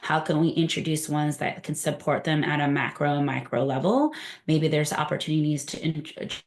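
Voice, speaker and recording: A woman's voice: low voice, moderate pace. A woman trainer giving a conversational presentation to a room, often asking the group questions.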